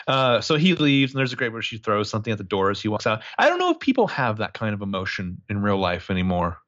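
A man's voice: fairly low pitch, big pitch swings, fast, hardly any pauses, a bit bright, muffled recording. A man casually recapping a movie as a podcast co-host, crude and joking, rambling with lots of fillers.

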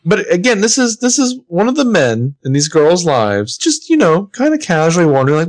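A man with a mid-range voice that swings widely in pitch, swearing and joking as he recaps a TV show with a friend. He talks loosely and animatedly. The recording is close and dry. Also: fairly quick, no room sound. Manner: animated, profane, jokey asides. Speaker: podcast co-host. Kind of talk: casual recap chat.

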